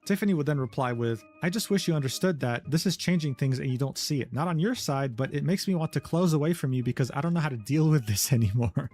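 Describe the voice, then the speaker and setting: A man's voice: a little high, lively intonation, fast, few pauses, a little mellow, soft background music. A man narrating a drama recap, reading quoted messages aloud with sardonic asides. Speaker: commentary narrator.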